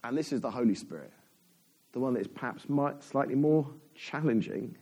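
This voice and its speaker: Animated man preaching a sermon. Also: medium pitch, normal speed, breathy edge. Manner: animated, chatty, self-interrupting with laughs.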